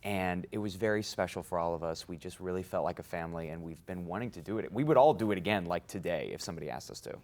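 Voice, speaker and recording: A man in his twenties, an actor being interviewed, talking in a casual, animated way and laughing through his stories. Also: deep voice, fast, few pauses. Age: 20s. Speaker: guest actor.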